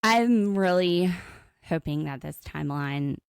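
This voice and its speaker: Gravelly yet smooth, her voice is on the low side and measured in pace. She co-hosts a podcast, casually recapping a reality show with animated storytelling and acted-out lines from the cast. No room sound is audible.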